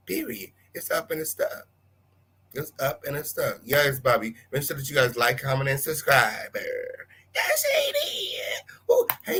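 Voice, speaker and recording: A man hosting a live-stream gossip show, calling out viewers with sassy, flamboyant shout-outs and big swoops in pitch. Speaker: livestream host.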